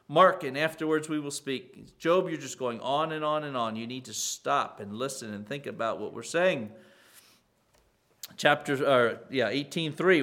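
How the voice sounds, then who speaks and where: Man, somewhat high voice, expository Bible teaching, reads verses then paraphrases them, pointed rhetorical questions, loud and quiet turns. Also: moderate pace. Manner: reads scripture aloud then paraphrases it with rising emphasis. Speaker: preacher.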